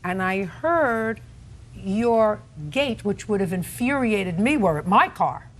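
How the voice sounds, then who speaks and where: A woman's voice: medium pitch, expressive, slow pace. A woman judges a television court case sternly, cutting people off and mocking their words with sarcasm. Her voice rises and falls a great deal as she lectures. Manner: stern, interrupting, mocks quotes sarcastically.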